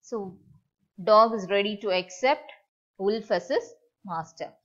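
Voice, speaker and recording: A woman's voice: mid-range voice, slow pace, fairly bright tone. A woman teacher explains a story line by line to a class, repeating phrases and asking checking questions. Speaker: school teacher. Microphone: online class recording. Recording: dull lo-fi online class audio.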